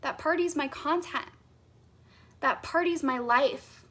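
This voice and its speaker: High-pitched, bubbly woman coach; enthusiastic live-class teacher. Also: slow pace, fairly bright tone. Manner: bubbly and enthusiastic, reads out chat comments. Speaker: business coach.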